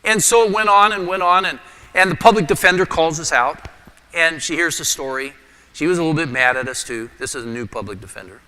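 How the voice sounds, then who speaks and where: Animated male pastor in a reverberant sanctuary. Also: fairly high pitch, fairly quick, smooth. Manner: animated storyteller, drops to a hushed voice for prayer. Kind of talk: sermon storytelling. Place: church sanctuary. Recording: long church reverb.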